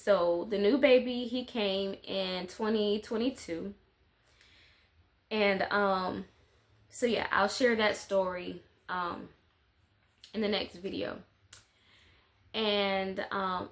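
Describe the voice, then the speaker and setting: A woman's voice: medium pitch, a bit bright. A woman, chatting casually and rambling in a life-update vlog, with lots of fillers. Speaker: mother and vlogger.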